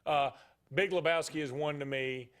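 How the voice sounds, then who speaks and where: A man co-hosting a sports talk radio show, chatting casually with strong opinions and quick reactions. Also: fairly high pitch, steady tone, fairly bright tone.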